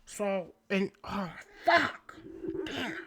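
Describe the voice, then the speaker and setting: A woman's voice: mid-range voice, expressive, extremely slow, fairly bright tone, slight background noise. A woman playing a brash, crude-talking male street hustler in a game role-play, full of slang and jokes. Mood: joking, crude.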